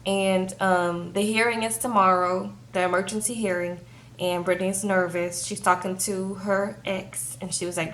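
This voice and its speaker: In a fairly bright, level, medium-pitched voice at normal speed, a young woman chats through a reality TV episode recap, often saying "like" and asking "okay?" as a TV show reviewer. A little hiss or hum can be heard.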